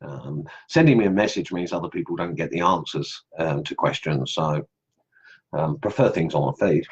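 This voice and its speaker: A man's voice: a bass voice, normal speed, husky, dull audio. A middle-aged man from England with an Australian accent layered over English, hosting a casual live stream and rambling through viewer comments with many ums. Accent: Australian with English traces. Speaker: online group host. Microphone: computer mic on live stream.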